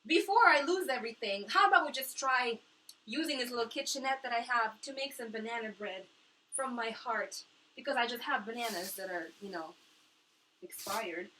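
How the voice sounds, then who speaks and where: High, bright-voiced distressed young woman. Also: moderate pace, distant mic, a little hiss or hum, poor audio. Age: young adult. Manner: impassioned and profane, swinging between low mutters and shouting. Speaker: vlogger. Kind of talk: emotional monologue to camera. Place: small apartment kitchenette.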